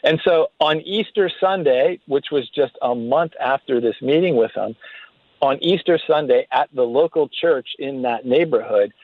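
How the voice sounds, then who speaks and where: A man speaks earnestly over a tinny, phone-like line, and the sound is dry and close. His pitch sits in an ordinary middle range as he tells his story, often backing up to restart his sentences. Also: moderate pace, dry recording. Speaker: guest author. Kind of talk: radio interview storytelling.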